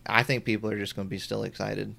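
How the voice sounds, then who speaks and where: A man co-hosting a casual podcast, talking in a relaxed way with frequent ums and restarts. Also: on the low side, fast talker, vocal fry. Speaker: podcast co-host. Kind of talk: casual chat.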